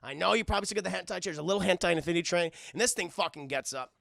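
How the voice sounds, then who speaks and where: A man streaming a loose cartoon recap who rambles, swears, and keeps turning to address his chat. His voice sits a bit high for a man and is bright, with heavy vocal fry. The sound is dry and close. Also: rapid-fire, no room sound. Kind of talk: casual live-stream episode recap.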